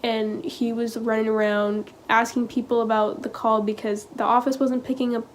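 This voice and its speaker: A teenage girl vlogging, telling a personal story in a halting, casual way full of "like" and "um.". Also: fairly high pitch, level tone, a little hiss or hum. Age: teens. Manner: hesitant, halting, heavy use of "like" and "um".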